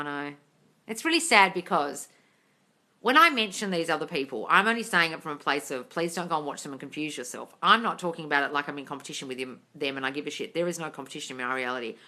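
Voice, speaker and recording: A woman's voice: low-pitched, pushed and bright. A woman hosting a live stream, reading viewer comments aloud and answering them bluntly, swearing freely and calling viewers darling. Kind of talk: casual chat reading comments.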